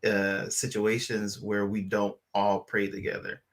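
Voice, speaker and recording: A man's voice: lowish voice, monotone, unhurried. A man co-hosting a church talk show, chatting casually and animatedly with plenty of fillers. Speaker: co-host. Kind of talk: casual chat.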